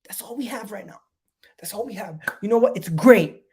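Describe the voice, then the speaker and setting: A man hosting a live fan stream, ranting in frustration and repeating his phrases again and again, swinging from loud outbursts to low muttering. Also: expressive, normal speed, vocal fry, husky. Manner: exasperated, repeats phrases over and over. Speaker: fan channel host.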